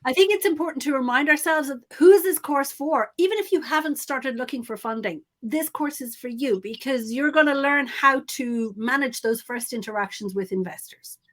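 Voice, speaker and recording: A woman guest in a live interview, talking briskly and enthusiastically to listeners about an online course. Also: high voice. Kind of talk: upbeat promotional chat in a live interview.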